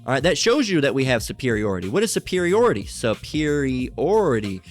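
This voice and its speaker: A man's voice: mid-range voice, very animated, very fast. A man delivers a rambling, preachy religious monologue. He keeps stumbling over fillers and restarts as he reads definitions aloud. Faint music plays underneath. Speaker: religious commentator. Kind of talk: unscripted monologue reading definitions.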